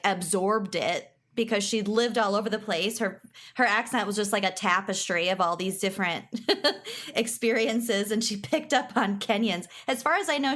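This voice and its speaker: A woman's voice: mid-range voice, fairly bright tone. A woman with a Minnesotan accent telling stories in casual podcast chat, laughing often. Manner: chatty storyteller, laughs often. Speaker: podcast guest.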